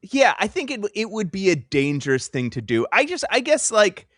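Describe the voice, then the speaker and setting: A man with a somewhat high, very lively voice, co-hosting a podcast as a playful, casual chat. He laughs easily. The sound is dry and close. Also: moderate pace, no room sound. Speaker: podcast co-host.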